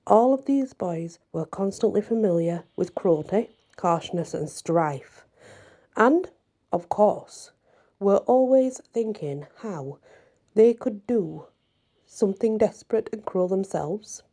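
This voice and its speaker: A woman's voice: mid-range voice, lively intonation, slow, mellow. A woman doing a preachy sprite chairman. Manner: preachy, moralizing. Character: solemn male sprite committee chairman.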